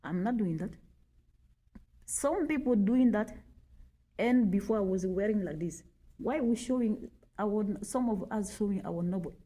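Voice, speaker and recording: This woman from Mali, in her forties, chats casually to the camera in a mellow, mid-range voice with lively intonation. She speaks a little slowly and pauses often, stressing points through repetition and frequent checks of "okay?".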